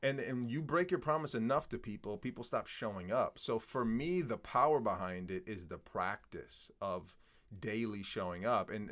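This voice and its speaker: Earnest man with a lowish voice. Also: fairly bright tone. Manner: earnest, asks rhetorical questions. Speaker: podcast guest, writer and content creator. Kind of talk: casual conversation.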